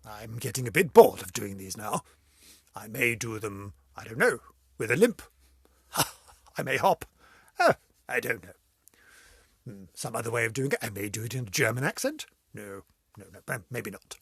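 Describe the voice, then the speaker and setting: A man's voice: mid-range voice, gravelly, breathy edge, no echo, clean studio sound. A man hosting his own video series, rambling through a comic sign-off, giggling and repeating himself.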